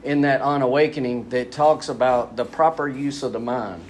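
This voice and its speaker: A man speaking candidly at a spiritual retreat, animated and self-deprecating, acting out quotes as he tells his story. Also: mid-range voice, moderate pace, slight background noise.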